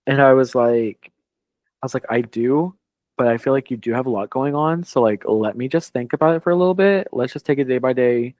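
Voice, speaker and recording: A man's voice: medium pitch, a little fast, a little mellow, dry recording. Rambling chatty man telling a story. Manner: rambling, heavy on "like", quoting others. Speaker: podcast co-host. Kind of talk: casual storytelling chat.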